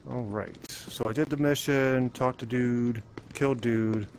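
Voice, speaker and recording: A man's voice: medium pitch, steady tone, a little slow, a little hiss or hum. A man playing a zombie game, chatting playfully to himself and to the enemies as he goes. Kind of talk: let's play commentary.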